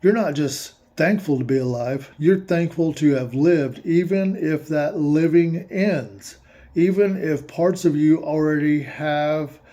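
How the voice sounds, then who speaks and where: A man's voice: fairly high pitch, slow, warm tone. A man musing aloud in a casual monologue, reading passages aloud and commenting on them in a rambling way. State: emotional, eyes watering. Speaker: host reading aloud and reacting.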